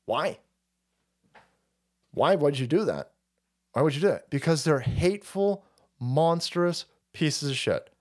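A man's voice: fairly high pitch, expressive, slow pace, long pauses, darkish tone. A middle-aged man hosting a live stream, ranting casually and with heavy profanity, rambling and calling his viewers boys. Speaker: streamer host.

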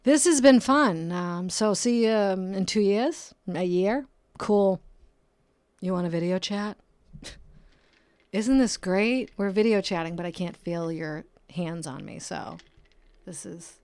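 A woman's voice: lowish voice, slow pace, pauses often, darkish tone, no echo. Rambling, swearing woman podcaster, close mic. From Brockton, Massachusetts. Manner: rambling, profane, jokey, with frequent laughs. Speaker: podcast host. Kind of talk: casual monologue podcast. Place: home in California.

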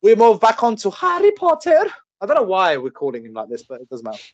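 A man hosting a casual podcast quiz, reading out questions, with playful laughs and quick asides. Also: high-pitched, very animated, no echo, lo-fi sound. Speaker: podcast host, quizmaster.

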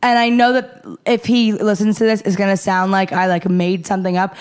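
A woman's voice: mid-range voice, level tone, fairly quick, smooth. A young woman telling a story in casual chat, laughing often as she talks. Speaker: podcast co-host.

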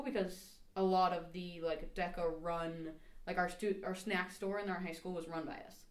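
Low-voiced woman telling a story, echoey room. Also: steady tone, moderate pace. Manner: storytelling with laughs and mimicked quotes. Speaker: podcast co-host. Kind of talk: casual chat.

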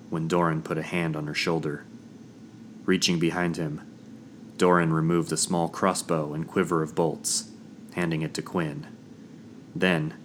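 A man narrating a first-person fantasy audiobook in a measured, dramatic storytelling manner. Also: extremely low pitch, fairly bright tone, slight background noise.

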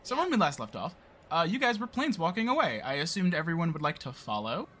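A man's voice: fairly high pitch, big pitch swings, fast, a bit bright. A man narrating as game master of a tabletop role-play podcast, describing scenes.

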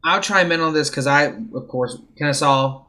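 A podcast guest chiming in casually, telling a story in an animated, joking way. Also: mid-range voice, moderate pace.

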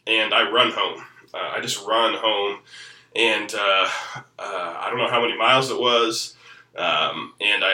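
A man's voice: lowish voice, bright, forceful tone, echoey room, distant mic, poor audio. A man in his thirties, a pastor, telling a personal faith story in a reflective way, with many fillers and restarts. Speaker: executive pastor. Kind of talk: personal testimony.

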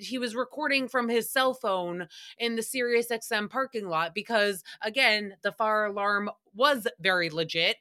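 Chatty woman podcast host, bright and high, loose rambling recap with swearing. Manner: chatty, tangent-prone, profane. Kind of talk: casual recap chat.

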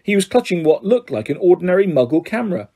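Male audiobook reader; steady narration with slips; husky, mellow tone. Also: sits high, fast talker. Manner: steady reading with small slips and restarts. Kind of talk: storybook narration.

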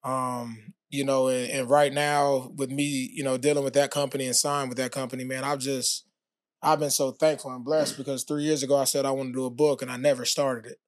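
A man's voice: medium pitch, brisk, no room sound, clean studio sound. Laid-back man telling his story. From United States. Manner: relaxed storytelling with many fillers. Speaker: podcast guest, former pro quarterback. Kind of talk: casual interview talk.

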